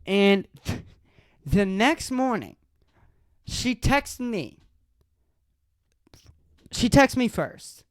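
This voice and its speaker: Solo podcast host, male; slow, unhurried delivery, laughs through his own story, dry close sound. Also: high-pitched, very animated, dry recording. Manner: amused, often breaks into laughter while retelling; halting, restarts sentences.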